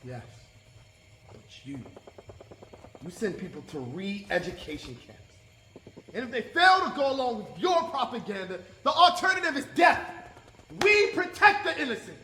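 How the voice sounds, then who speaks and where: A man playing a brutal American soldier interrogating a prisoner, mocking and menacing, breaking into shouts. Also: very high-pitched, big pitch swings, normal speed, pauses often, full character voice. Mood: scornful. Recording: roomy echo, faint background hiss.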